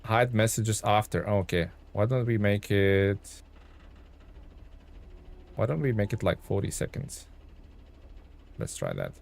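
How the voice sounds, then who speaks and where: Slow and creaky with long pauses, a fairly low-pitched man sounds very animated while commentating his live truck-game stream. He talks to viewers, thanks them, and thinks aloud, peppered with ums and chuckles.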